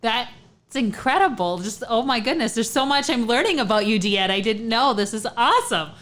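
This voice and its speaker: A woman's voice: on the high side, animated, normal speed, a bit bright. A woman hosting an interview, asking follow-up questions in an encouraging way. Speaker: podcast host. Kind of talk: interview chat.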